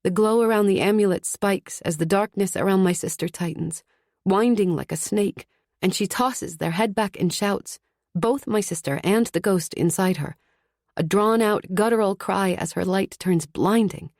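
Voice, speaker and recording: A woman narrates a fantasy audiobook in the first person, delivering a tense, urgent inner monologue. Her voice is medium-pitched and a little mellow at a moderate pace, recorded dry with clean studio sound.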